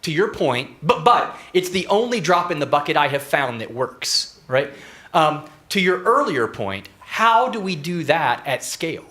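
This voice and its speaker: A young man from Northeast Texas stands up in the audience to ask a question. His voice is bright and tense, and he talks haltingly, full of fillers. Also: fairly high pitch, big pitch swings. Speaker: audience member asking a question.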